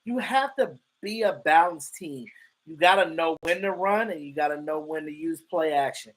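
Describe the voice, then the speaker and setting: A man hosting a livestream, talking football in a casual, profane and animated way, often stammering and restarting his sentences. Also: a little high, normal speed, slight background noise, poor audio. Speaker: livestream host. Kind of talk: casual sports talk.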